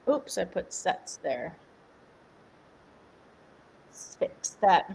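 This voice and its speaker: A woman's voice: mid-range voice, takes it slowly, pauses often. Young female coach, upbeat and chatty, mid-range voice, talks to viewers from home, slight noise. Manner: upbeat, chatty, answers viewers by name, laughs often. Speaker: fitness coach. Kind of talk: live-stream workout instruction. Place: home workout space. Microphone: camera mic at home.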